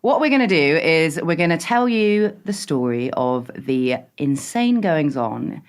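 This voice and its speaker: A British woman guesting on a podcast, telling a true-crime story in a lively, suspense-building way. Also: low-pitched, a little slow.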